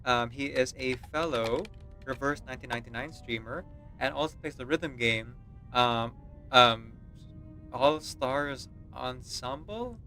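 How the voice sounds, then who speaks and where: A man's voice: mid-range voice, measured pace, sharp tone, faint music behind. A man streaming a game, chatting casually and in a self-deprecating way, with frequent laughs. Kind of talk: casual livestream chat.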